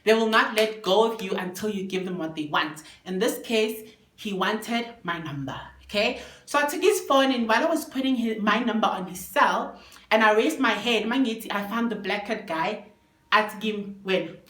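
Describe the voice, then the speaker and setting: A young South African woman telling a story to camera in a casual, animated way, switching languages and swearing freely. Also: mid-range voice, moderate pace, echoey room. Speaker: storytime vlogger.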